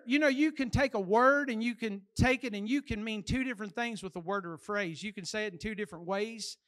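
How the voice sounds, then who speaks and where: A man's voice: high voice, bright, forceful tone. An older man preaching a sermon in a church, in a folksy, emphatic way and with plain everyday phrasing.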